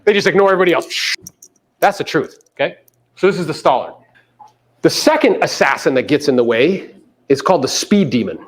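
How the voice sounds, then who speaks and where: A man's voice: on the high side, sing-song, normal speed. A man giving a live motivational seminar to a room of agents, quizzing the audience and mimicking people in playful voices. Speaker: real estate coach speaking to agents.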